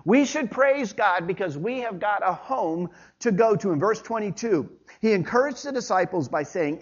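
A man preaches a Sunday sermon in a conversational, folksy way, with homey stories between the verses. His voice sits high and swings widely in pitch. The church recording sounds a little dull and lo-fi. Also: animated, normal speed, few pauses. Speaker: pastor.

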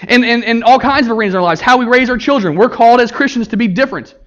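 A man delivering a sermon in an earnest preaching manner, his voice sitting high for a man. He reads scripture aloud and works through it for his listeners. The recording sounds dull and a little lo-fi. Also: rapid-fire, a bit bright. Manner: earnest preaching with childhood story and scripture reading. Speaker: pastor.

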